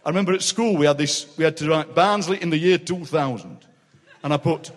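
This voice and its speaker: Yorkshireman in his 60s, comic storyteller, fairly high voice, big hall reverb. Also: brisk. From Yorkshire, England. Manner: animated, laughing anecdotes with voices. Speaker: guest poet. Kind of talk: comic storytelling in a live interview. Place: large city hall, live audience.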